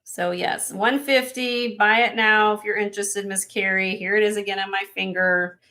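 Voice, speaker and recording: A woman's voice: medium pitch, steady tone, normal speed, bright, forceful tone. A woman hosting a live online jewelry sale, chatting in a salesy way and talking straight to buyers by name. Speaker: host selling jewelry on a live stream.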